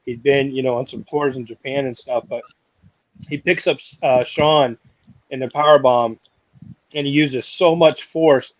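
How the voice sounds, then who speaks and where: A man's voice: mid-range voice, fairly even intonation, measured pace, no room sound, dull audio. Rambling man in casual wrestling chat. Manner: rambling, lots of "you know" fillers. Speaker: podcast co-host.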